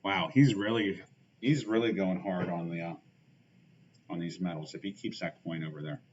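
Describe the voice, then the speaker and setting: Deep-voiced dude mumbling thru his card game stream, lots of uh and um, dull audio. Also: steady tone, moderate pace, darkish tone, a little hiss or hum. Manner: thinks aloud with many fillers, muttering asides. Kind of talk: casual game commentary.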